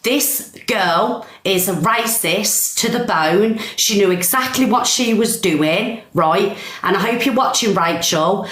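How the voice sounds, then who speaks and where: A woman's voice: medium pitch, slow pace, few pauses, fairly bright tone, echoey room. Fuming British woman ranting on a live. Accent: British English. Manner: angry, emphatic, swearing. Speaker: TikTok live host. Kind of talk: ranting live stream commentary.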